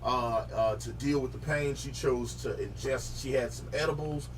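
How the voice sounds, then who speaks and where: A man's voice: medium pitch, fairly even intonation, moderate pace, recorded from a distance, noisy background. Profane casual male talk-show host. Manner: casual and profane, leading the discussion segment.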